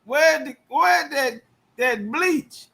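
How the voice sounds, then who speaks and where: High pitched guy, slow drawl, cussing and cracking up on a livestream. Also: bright, forceful tone, slight background noise. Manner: loose profane slang, laughing and heckling. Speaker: livestream commentator. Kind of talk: crude casual live commentary.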